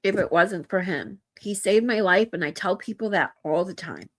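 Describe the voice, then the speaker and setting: Earnest woman streamer, heartfelt and halting. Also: on the low side, expressive. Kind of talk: casual live-stream talk to chat.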